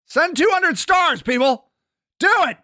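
A man's voice: very high voice, animated, unhurried, bright, forceful tone, no echo, studio quality. A man ranting angrily about politics on a livestream, swearing constantly. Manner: angry, profane ranting. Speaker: political commentator. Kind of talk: livestreamed rant.

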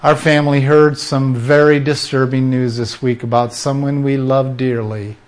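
A man preaching a sermon, emphatic and full of rhetorical questions, sometimes dropping into quiet asides. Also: medium pitch, little pitch movement, moderate pace.

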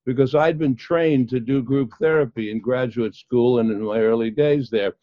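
An older man, a psychologist guest, recounting his past in an interview with many pauses and fillers. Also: medium pitch, steady tone, no room sound. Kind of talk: storytelling in an interview. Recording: dull, dry lo-fi sound.

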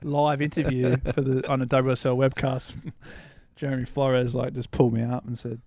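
A man of middling pitch talks as a guest on a podcast, rambling and often laughing at himself. His voice is close and dry, with no room sound. He talks casually about his own writing. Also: little pitch movement, normal speed, dark tone, dry recording. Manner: rambling, laughing, self-deprecating. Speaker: surf writer and podcast guest. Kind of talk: casual interview chat.

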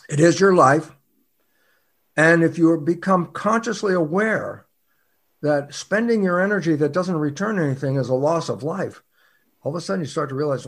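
An older man, a scientist guest in a conversation, telling stories and acting out dialogue with sudden loud swings. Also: fairly high pitch, breathy edge. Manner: acts out dialogue, swings from quiet to loud exclamations. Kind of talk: animated storytelling in conversation.

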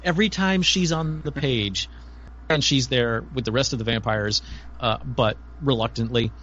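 A man on a casual podcast panel, enthusiastic and halting, with many fillers. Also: medium pitch, fairly bright tone, muffled recording. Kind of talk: casual chat.

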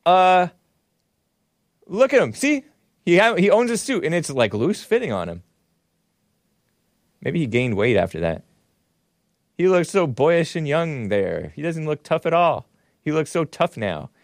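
A man's voice: fairly high pitch, sing-song, unhurried, long pauses, dry recording, studio quality. A man hosting a talk show, giving sarcastic, chuckling commentary while reading out chat comments.

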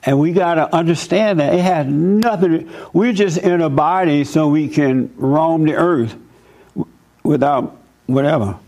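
A man hosting a talk show, telling an animated, emphatic story and preaching in a casual, fervent way. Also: fairly high pitch, measured pace.

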